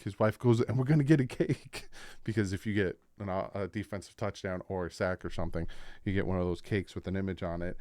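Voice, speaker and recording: A young adult man hosting a casual sports reaction, telling the story in an animated way and acting out what people said. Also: on the low side, smooth, no room sound, studio quality. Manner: animated storytelling, acts out quotes.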